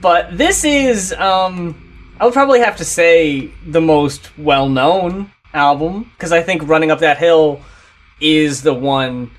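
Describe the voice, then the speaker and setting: A man co-hosting a casual album review, emphatic and profane, gushing about songs. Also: fairly high pitch. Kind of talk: casual chat.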